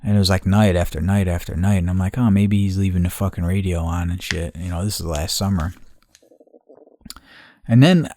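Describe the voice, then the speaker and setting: A man's voice: sits low, fairly even intonation, a little fast, dark tone, a little hiss or hum. A middle-aged man telling a rambling story in casual chat, swearing a lot and restarting his sentences. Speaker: podcast host.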